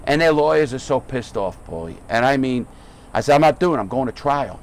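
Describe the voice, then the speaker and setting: A middle-aged man hosting a podcast, telling stories in a casual, profane, animated way and acting out other people's voices. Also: medium pitch, fairly quick. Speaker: podcast host. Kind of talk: casual storytelling chat.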